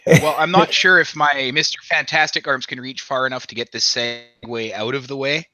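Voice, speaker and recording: A man's voice: medium pitch, fairly even intonation, moderate pace, pushed and bright, slight background noise. A man co-hosting a casual movie review podcast, cracking playful jokes. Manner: joking, playful. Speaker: podcast co-host.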